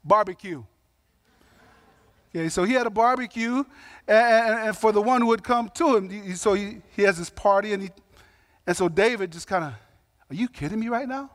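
High-voiced man preaching, dry close sound. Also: normal speed, pauses often, fairly bright tone, dry recording. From Samoan heritage. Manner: conversational, emphatic preaching with slangy asides and acted quotes. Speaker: pastor. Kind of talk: sermon.

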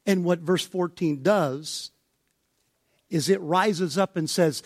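A male pastor preaching a sermon, building to emphatic near-shouts when he voices objections. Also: sits high, takes it slowly, no echo, studio quality.

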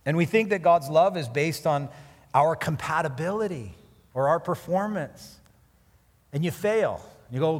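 A man's voice: fairly high pitch, moderate pace. Man preaching in a reverberant hall. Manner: earnest, conversational, rising to emphatic peaks. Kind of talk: sermon.

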